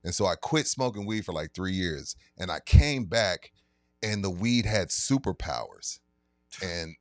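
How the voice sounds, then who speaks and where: A man's voice: fairly low pitch, normal speed, no room sound, clean studio sound. A man hosting a sports talk podcast, telling loose, profane stories in casual chat. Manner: animated storyteller, loose and profane. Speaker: podcast host.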